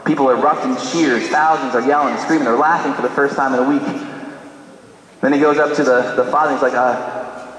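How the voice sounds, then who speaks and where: A man's voice: mid-range voice, fairly even intonation, normal speed. A man preaching a sermon, telling a dramatic story and acting out the dialogue. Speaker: priest. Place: large church. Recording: echoey church from a distance.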